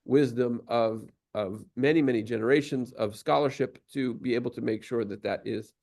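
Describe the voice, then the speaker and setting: A man with a mid-range, darkish voice and some vocal fry teaches at a synagogue at a moderate pace. His lesson patiently explains Torah cantillation, with occasional short sung examples.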